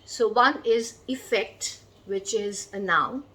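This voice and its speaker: A woman's voice: fairly high pitch, fairly bright tone, rough recording. A woman teaching a vocabulary lesson, spelling out words letter by letter and giving examples. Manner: explains slowly, spells out letters, gives examples. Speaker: English teacher.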